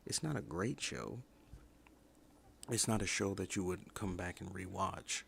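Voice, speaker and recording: A man's voice: deep voice, unhurried, vocal fry, fairly bright tone, slight background noise. A man hosting a casual livestream review, giving blunt opinions and repeating points for emphasis. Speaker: livestream host reviewing a TV show.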